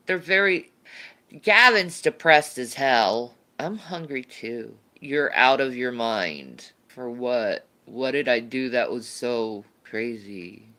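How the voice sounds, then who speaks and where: Slow, bright-toned woman livestreamer. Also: a bass voice, animated. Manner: rambling, laughing, with trailing restarts. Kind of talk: casual chat answering viewer questions.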